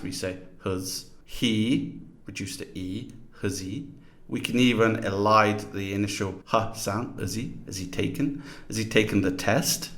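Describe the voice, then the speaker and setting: A man's voice: on the low side, a bit bright. A man teaching a lesson in scripted narration, explaining terms and demonstrating pronunciations aloud.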